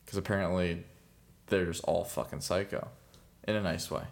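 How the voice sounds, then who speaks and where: A man's voice: low-pitched, steady tone, moderate pace, vocal fry. A young man chatting casually as a podcast co-host, rambling with lots of fillers and frequent laughs. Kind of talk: casual chat.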